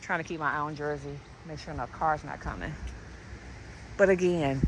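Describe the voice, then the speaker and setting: A woman, vlogging casually outdoors in her yard and chatting to her viewers, often dropping to a soft hush. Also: deep voice, fairly even intonation, moderate pace, background noise. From United States. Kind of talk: casual chat to camera.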